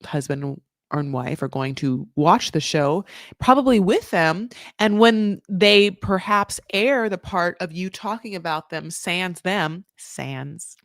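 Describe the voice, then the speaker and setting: A woman's voice: fairly low pitch, slow, dry recording, studio quality. Chatty woman recapping reality TV. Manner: chatty and animated, peppered with "like" and laughter. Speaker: recap podcast host. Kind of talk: casual reality TV recap commentary.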